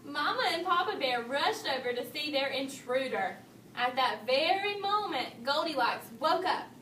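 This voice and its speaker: A woman reading a children's story aloud, expressive, lifting her voice for the bears. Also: measured pace, distant mic. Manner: expressive read-aloud, raising pitch for the bears' lines. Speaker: storybook reader. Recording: echoey room, voice from off-mic, faint hiss.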